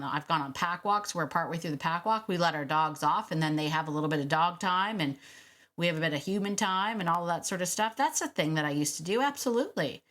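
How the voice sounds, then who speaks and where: Fairly bright in tone but lowish in pitch, this woman runs her own podcast about training dogs. She talks solo in a chatty, emphatic way, with fast restarts and bursts of laughter.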